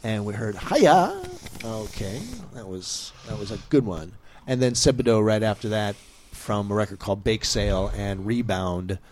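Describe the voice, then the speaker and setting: A man's voice: lowish voice, moderate pace, few pauses, a little mellow. Jokey male co-host reading a playlist. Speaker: radio show co-host. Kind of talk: casual radio chat.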